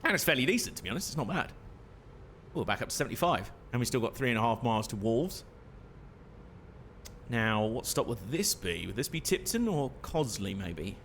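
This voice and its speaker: A man's voice: mid-range voice, big pitch swings, brisk, a bit bright, slight background noise. A young man casually commentating his own gameplay on a stream, chatty and self-mocking, laughing often.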